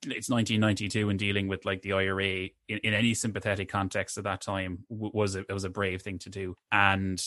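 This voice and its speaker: Hesitant man, dry and bright. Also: deep voice, level tone, fast, hardly any pauses, no room sound. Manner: hesitant, many restarts and stammered repeats. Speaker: podcast co-host reviewing a film. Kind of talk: casual chat.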